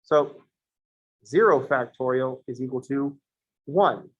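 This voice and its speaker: A man's voice: medium pitch, takes it slowly, dull audio. Man giving a jokey, rambling math lecture. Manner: joking, digressive asides. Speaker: math instructor. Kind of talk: casual classroom lecture.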